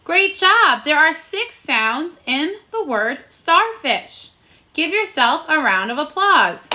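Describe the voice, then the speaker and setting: Bright, slow-talking teacher for young kids. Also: female voice, high voice, big pitch swings. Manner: slow, cheerful, sing-song praise for kids. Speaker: first grade teacher. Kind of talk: recorded phonics lesson for young children.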